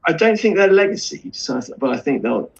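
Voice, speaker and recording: A man's voice: on the high side, very animated, fast, creaky, a crowd in the background. A man co-hosting a live stream, chatting casually, hesitant and asking short questions. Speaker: stream co-host. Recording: dull lo-fi remote mic.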